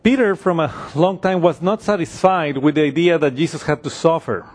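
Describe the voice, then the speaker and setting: Unhurried man teaching the Bible. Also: a little high, a little mellow. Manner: unhurried, with frequent fillers and restarts while explaining scripture. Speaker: preacher.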